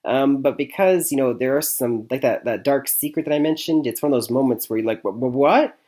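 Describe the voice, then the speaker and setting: A young man from Michigan talks through a movie review in a loose, chatty way. He stumbles, restarts and fills gaps with ums and uhs, and chuckles at his own jokes. His voice sits at an ordinary middle pitch. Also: fairly quick, dark tone. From Michigan, USA. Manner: chatty, rambling, frequent fillers and restarts, chuckles often. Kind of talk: casual spoken movie review.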